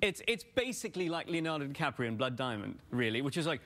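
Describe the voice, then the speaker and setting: Man, south african accent with a london touch, talk show guest, dry polite humor, slightly high voice, clear background hiss. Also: sing-song, fairly bright tone. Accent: South African with some London. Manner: polite, dry, quick-witted. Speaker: guest actor. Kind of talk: comedic interview banter.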